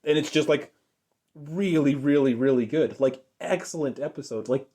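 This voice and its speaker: A man's voice: medium pitch, normal speed, dark tone, breathy edge. A young man giving an unscripted cartoon episode review, rambling and enthusiastic with lots of fillers.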